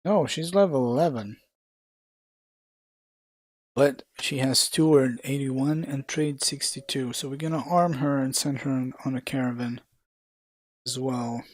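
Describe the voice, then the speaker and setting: A man's voice: medium pitch, unhurried, pauses often, no room sound. A man streaming a video game live, giving casual commentary. He swears freely and laughs at what happens on screen.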